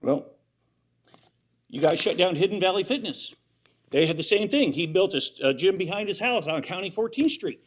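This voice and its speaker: A man's voice: high voice, expressive, moderate pace, a little hiss or hum. A man giving public comment at a county hearing, worked up and insistent, repeating his complaints.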